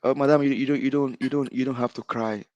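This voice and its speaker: A middle-aged man with a Nigerian accent speaks as a caller, fervent and denouncing, hammering the same declarations again and again. His voice sits at an ordinary pitch, and the sound is dry and close with no room around it. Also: steady tone, quick pace, a little mellow, no room sound, muffled recording. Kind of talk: impassioned call-in speech.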